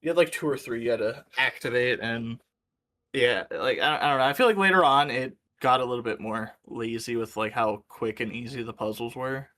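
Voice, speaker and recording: Ohio man, bright tone, easygoing rambling podcast co-host. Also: medium pitch, a little fast. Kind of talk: casual chat.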